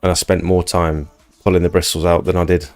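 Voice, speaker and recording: A man's voice: low-pitched, flat delivery, a little fast, darkish tone, no echo, soft background music. A man hosting a casual livestream, chatting and reading out viewer comments. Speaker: livestream host.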